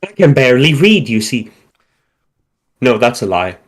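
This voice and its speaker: A man's voice: mid-range voice, very animated, normal speed. A man reading short war stories aloud on a livestream, stumbling and joking over dialect words. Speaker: livestream reader.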